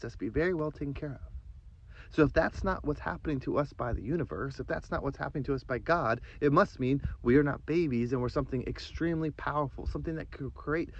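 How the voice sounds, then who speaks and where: A man hosting a self-help podcast, guiding listeners through breathing and affirmations in a slow, calm, deliberate way. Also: on the high side, lo-fi sound, slight background noise. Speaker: podcast host and life coach. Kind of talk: guided breathing meditation and affirmations.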